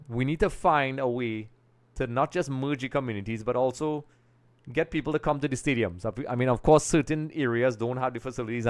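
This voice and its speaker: A young man from Trinidad and Tobago hosting a live football talk stream, talking casually and rambling a little as he pulls things up on screen. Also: medium pitch. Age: young adult. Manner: casual, rambling, thinks aloud while working.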